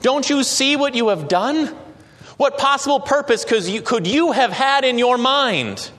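A man voicing a desperate male traveler, calling out in strained, high-pitched cries. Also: animated, measured pace, a bit bright, in a large hall, heavily acted. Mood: anguished. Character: desperate male traveler on a bridge, pleading, anguished.

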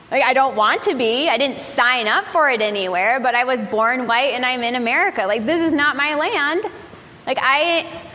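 A woman's voice: on the high side, fairly bright tone. A woman in her forties, a pastor giving a conversational sermon at a church service, telling a candid story with frequent laughs and fillers. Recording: reverberant hall with faint noise.

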